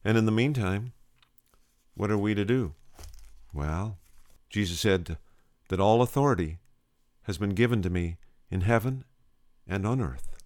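A man's voice: on the low side, lively intonation, measured pace, a little mellow, dry recording. A man preaching a storytelling sermon, earnest, quoting scripture.

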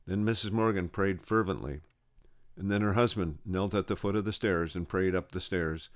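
A man with a low, smooth voice retells a story from a religious revival, now and then stumbling over a word. The recording is dry and close, with no room sound. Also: normal speed, dry recording. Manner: voices quoted speakers with raised pitch; occasional stumbles and repeats.

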